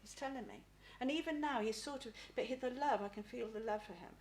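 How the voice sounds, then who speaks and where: A middle-aged woman giving a live spirit reading as a psychic medium. She talks haltingly, repeats words and often asks "please?". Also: fairly high pitch, darkish tone, a little hiss or hum.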